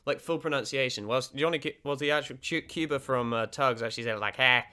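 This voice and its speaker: A man's voice: medium pitch, quick pace, bright, forceful tone, clear, resonant tone. A man hosting a reaction video, giving casual commentary that rambles, stammers and restarts.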